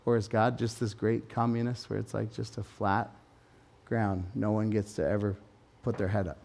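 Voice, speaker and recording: A man preaching a sermon at a church service, swinging from loud, urgent proclaiming to low conversational asides and jokes. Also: level tone, normal speed, vocal fry. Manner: informal, joking tangents with everyday examples. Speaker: pastor.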